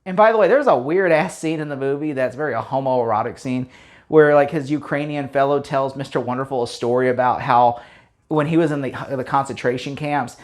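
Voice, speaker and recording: A man's voice: medium pitch, brisk. A man giving a casual spoken movie review, rambling through the plot with many fillers and restarts, blunt and opinionated.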